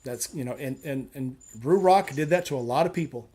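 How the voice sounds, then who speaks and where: A man's voice: medium pitch, a little fast, warm tone, breathy edge. A man on a live chat show, talking casually and bluntly, with firm opinions and a habit of telling jokes.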